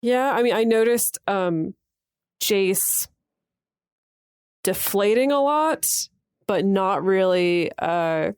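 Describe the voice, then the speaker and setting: A woman's voice: medium pitch, animated, slow pace, pauses often, a little mellow, smooth, no room sound, clean studio sound. A woman co-hosting a podcast in casual chat, playful as she sets up scenes. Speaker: podcast co-host.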